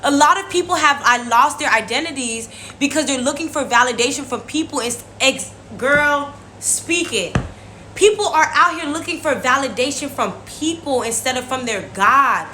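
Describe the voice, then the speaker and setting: A young woman hosting a casual Bible devotion, talking straight to her viewers in an animated, chatty way. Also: high-pitched, moderate pace, slight background noise. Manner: animated, talks to viewers as "y'all". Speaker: devotional host.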